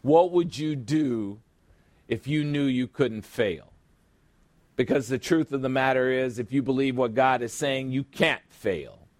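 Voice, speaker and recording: A man's voice: medium pitch, a little slow, no room sound. A middle-aged man pastor preaching a sermon, asking rhetorical questions and calling out for an amen.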